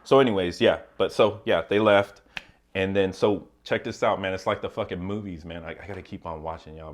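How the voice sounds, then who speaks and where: Man, very low voice, casual storytelling, profane, filler-heavy, straight-talking. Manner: loose and profane, lots of fillers and asides. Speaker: vlogger telling a prison story.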